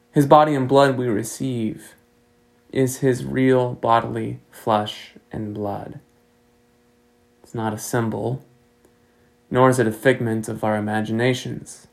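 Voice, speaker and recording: A man preaching a sermon as pastor, measured and earnest, pressing rhetorical questions. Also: medium pitch, gravelly, low-quality recording.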